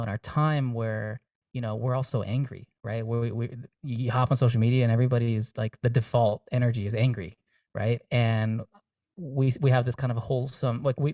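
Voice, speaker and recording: A man's voice: medium pitch, darkish tone, no echo, studio quality, distant mic. A young man, a singer-songwriter guest, talking earnestly and reflectively in a casual interview, with many fillers and restarts.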